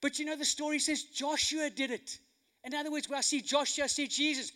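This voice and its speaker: Male preacher, very high and forceful voice, animated storytelling sermon. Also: fairly quick. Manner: animated storytelling, swings from hushed to loud.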